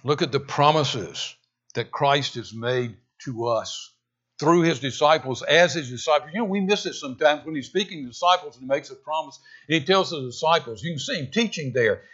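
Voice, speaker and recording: A pastor delivers his sermon at normal speed in a bright, husky voice whose pitch jumps around with lively emphasis. He shifts between loud, urgent lines and quiet, intense ones, and the recording comes across dull and muffled.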